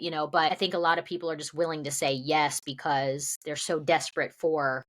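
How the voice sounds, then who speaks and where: A woman's voice: deep voice, steady tone, a little fast, a bit bright. A woman from the American South, an actress guest, talking earnestly and reflectively with many fillers. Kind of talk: casual interview chat.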